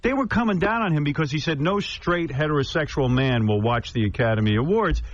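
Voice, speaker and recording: Animated man hosting talk radio. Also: fairly high pitch, fairly quick, a crowd in the background. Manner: animated storytelling, acts out other people's lines. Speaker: radio show host. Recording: dull lo-fi radio broadcast.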